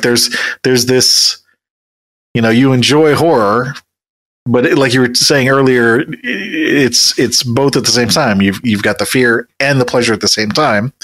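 A male podcast host works through a thoughtful, probing interview question. His voice is mid-pitched and he laughs easily along the way. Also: a bit bright, poor audio.

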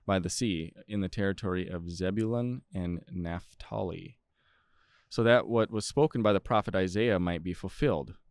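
Deep-voiced man reading scripture. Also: moderate pace, smooth, no echo. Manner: steady, plain reading with small stumbles. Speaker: podcast co-host.

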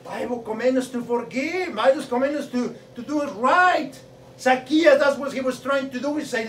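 A man preaching a sermon with fervor, repeating a rhetorical question and building up to shouting. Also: very high-pitched, normal speed. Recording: roomy echo, mic at a distance, faint noise.

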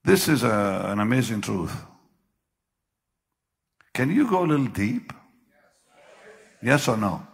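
An older man preaching a sermon, with sudden loud bursts and slow, drawn-out phrases. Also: medium pitch, big pitch swings, vocal fry. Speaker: pastor. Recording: long hall reverb.

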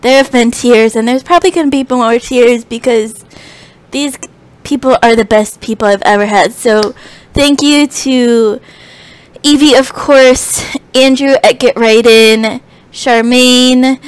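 Lady vlogging, teary and gushy, voice a bit high. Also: clean tone, no echo. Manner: tearful, gushing and grateful. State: close to tears. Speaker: book vlogger. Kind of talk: emotional thank-you vlog.

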